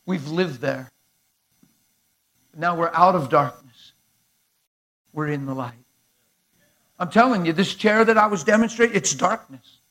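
A man preaching a sermon to a live congregation in an animated, conversational way, acting out dialogue as he goes. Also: fairly high pitch, a little slow, long pauses. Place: church sanctuary before a live crowd.

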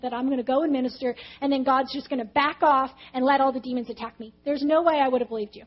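A woman's voice: high voice, fairly even intonation, fast, hardly any pauses, highs cut off. A woman preaching a testimony-style sermon, telling her story with animation and acting out her own past reactions.

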